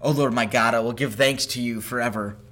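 A man reading psalms aloud in a measured, solemn way, rising on the lines of praise. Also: mid-range voice, fairly even intonation, a bit bright. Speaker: scripture reader. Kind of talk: scripted scripture reading.

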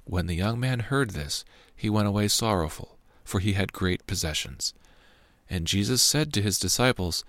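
A man giving a steady, measured reading of scripture. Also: lowish voice, dry recording. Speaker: scripture reader.

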